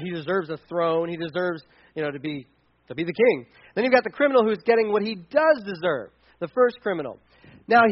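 High-voiced man preaching a sermon. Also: muffled recording. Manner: conversational preaching with frequent restarts and fillers. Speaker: pastor.

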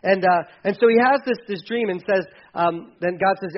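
A man's voice: sits high, normal speed, few pauses, highs cut off. A man preaching a sermon in a conversational way, acting out quotes in casual voices. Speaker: pastor.

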